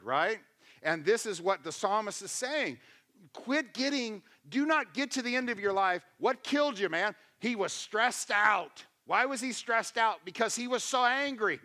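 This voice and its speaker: Brief: male pastor, sermon, emphatic and chatty, bright and sharp, slightly high voice. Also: lively intonation, moderate pace. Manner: emphatic, acts out quotes in voices; conversational, asks the congregation questions.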